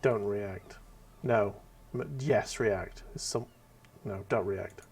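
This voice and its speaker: A man's voice: fairly low pitch, takes it slowly, a little hiss or hum. A man hosting a let's play, reacting casually, swearing and reading dialogue options aloud. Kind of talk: casual gameplay commentary.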